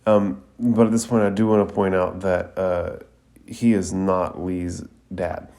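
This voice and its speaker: Gravelly-voiced man casually recapping an anime. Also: deep voice, steady tone, a little slow, a little mellow. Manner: casual, filler-heavy retelling. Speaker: anime review podcast host. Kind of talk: casual narrated episode recap.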